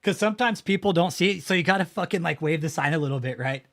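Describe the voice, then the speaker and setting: A man's voice: on the high side, quick pace, a bit bright. Blunt, cursing male livestreamer outdoors. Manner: profane, blunt, mocking. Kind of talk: casual livestream commentary.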